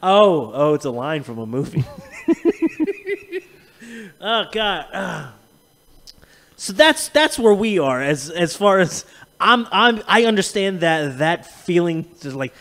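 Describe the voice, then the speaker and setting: A man hosting a podcast, chatting casually and profanely, telling animated stories and laughing often. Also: high-pitched, slow, pauses often. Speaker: podcast host. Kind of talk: casual chat.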